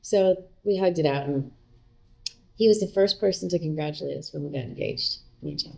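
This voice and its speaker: A woman's voice: sits low, brisk, gravelly, dark tone. A middle-aged woman, a guest in a casual interview, telling a personal story in a chatty way, full of fillers and quoted dialogue.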